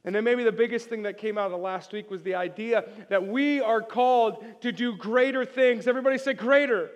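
A high-voiced male pastor delivers a lively sermon, joking and calling on his congregation to answer back. His voice rings out in a church sanctuary with a long echo trailing behind each line. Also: moderate pace, muffled recording. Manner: energetic, joking, calls on the congregation to respond.

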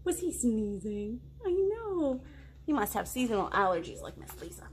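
Playful high-voiced woman librarian. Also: sing-song, moderate pace, breathy edge. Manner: playful, asks the kids questions. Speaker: children's librarian. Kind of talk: reading picture books aloud to children.

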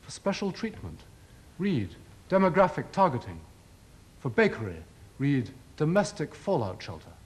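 A man delivering a formal televised lecture in a measured, rhetorical way, with ironic emphasis. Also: a little high, huge pitch swings.

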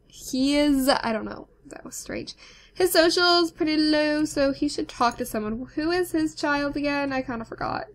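A young woman with a high, light voice talks her way through a game. She rambles, giggles at herself and chats straight to her viewers in a loose, casual way. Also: fairly bright tone. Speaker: let's play host. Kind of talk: casual gameplay commentary.

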